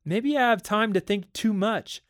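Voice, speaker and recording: A man reading aloud and voicing a tense, frightened housewife who speaks high and strained, near tears. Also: a little slow, no echo, clean studio sound. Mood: pleading. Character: anxious, tense housewife, adult woman.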